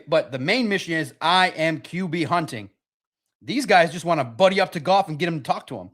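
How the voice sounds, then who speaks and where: A man hosting a casual sports talk livestream, excitable and rambling, with a slightly raspy voice. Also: sits high. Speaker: podcast host.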